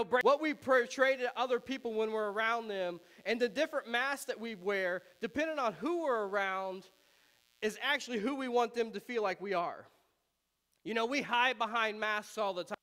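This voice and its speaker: A man, a pastor, preaching a conversational sermon in a relaxed, chatty way, often laughing and with frequent ums. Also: very high voice.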